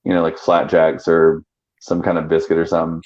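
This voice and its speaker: A man's voice: a bass voice, monotone, a little fast, dull audio, a crowd in the background. A man with a South Georgia Southern accent, chatting animatedly on a live stream, laughing and swearing as he tells stories. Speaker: panel host. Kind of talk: casual live-stream chat.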